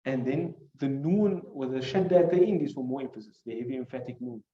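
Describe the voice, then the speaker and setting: A man with a medium-pitched, warm voice teaches a hadith class at a slightly fast pace, explaining Arabic words one at a time and asking rhetorical questions. He recites classical Arabic phrases between his English, and the lesson is recorded muffled in an echoey room.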